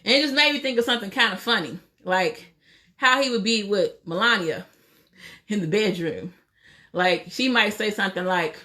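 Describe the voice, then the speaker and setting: A woman's voice: mid-range voice, moderate pace, bright, forceful tone. A woman hosting a casual livestream, opinionated and full of rhetorical questions, greeting viewers as she talks. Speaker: livestream host.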